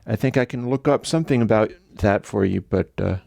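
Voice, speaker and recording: A man's voice: fairly low pitch, a little fast, gravelly, mellow. A man hosting a livestream, telling a story in a rambling, conversational way. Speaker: livestream host. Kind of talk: casual livestream chat.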